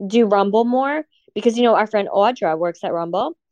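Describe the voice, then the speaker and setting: A woman's voice: mid-range voice, lively intonation, a little fast, a little mellow, no echo, lo-fi sound. Laughing woman, mid voice. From New Jersey. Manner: laughs often, casual, says "like" a lot. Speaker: podcast co-host. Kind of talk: casual chat.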